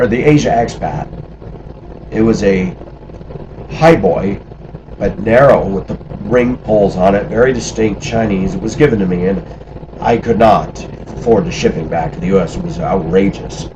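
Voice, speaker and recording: A man's voice: fairly low pitch, moderate pace, muffled recording. Middle-aged man, casual storytelling, acts out quoted voices, noisy background with passing traffic. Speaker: storyteller recalling life abroad.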